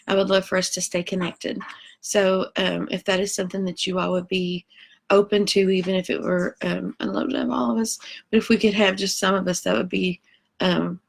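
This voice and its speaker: A woman's voice: medium pitch, vocal fry, husky. A woman teacher talking to kids and parents before a read-aloud lesson, chatty with many ums.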